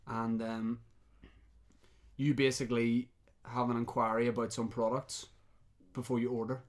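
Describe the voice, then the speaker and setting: A man co-hosting a podcast, calmly briefing his partner for a prank call with dry jokes. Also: mid-range voice. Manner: deliberate, joking, setting up a prank. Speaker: podcast co-host. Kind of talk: casual chat.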